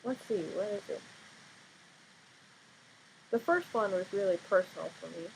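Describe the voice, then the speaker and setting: A young woman in her teens vlogging casually at home late at night, sleepy and quiet, rambling with fillers and blunt outbursts. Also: mid-range voice, moderate pace, creaky, a little hiss or hum, rough recording. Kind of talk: casual vlog monologue.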